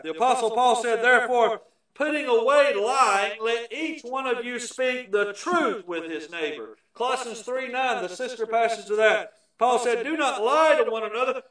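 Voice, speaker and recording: A man preaching a sermon, emphatic and shifting from loud declarations to hushed asides. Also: very high-pitched, expressive, moderate pace. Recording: echoey, from far off the mic.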